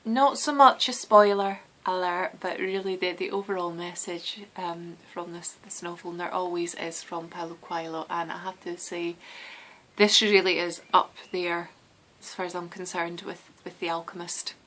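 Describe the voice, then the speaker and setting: A Scottish woman hosts a knitting podcast, chatting casually and meandering, with many restarts and ums. Her voice is on the low side and a bit bright, with fairly even intonation at normal speed. The recording quality is low.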